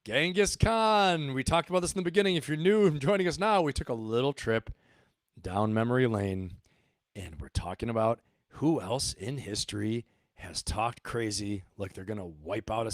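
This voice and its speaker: This middle-aged man, once a Marine officer, chats to his channel's viewers with forceful, repeated points and rhetorical questions. He speaks briskly at a medium pitch in a sing-song way, and the studio-quality recording has no echo.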